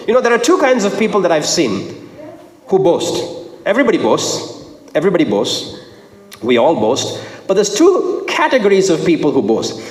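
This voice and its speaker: A man's voice: big pitch swings, moderate pace. Emphatic male preacher in an echoing hall. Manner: emphatic, repeats phrases, swings from low to high pitch. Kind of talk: sermon. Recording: echoey hall with long reverb.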